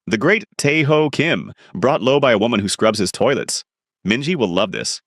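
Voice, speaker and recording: A man's voice: mid-range voice, lively intonation, moderate pace, a bit bright, no room sound, studio quality. A man voicing a smug, cruel male gang boss who mocks his brother, in a storybook reading. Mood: mocking. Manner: mocking, cold.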